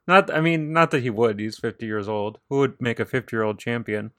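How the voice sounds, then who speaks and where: A man's voice: medium pitch, brisk, fairly bright tone, no room sound, clean studio sound. A man co-hosting a casual wrestling chat, joking and riffing with mock impressions. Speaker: podcast co-host.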